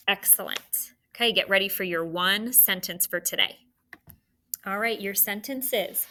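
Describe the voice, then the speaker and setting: A woman teacher guides young students through a phonics spelling lesson. She talks slowly, sounding out each word and letter with careful, deliberate enunciation. Her voice is bright and clear. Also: mid-range voice.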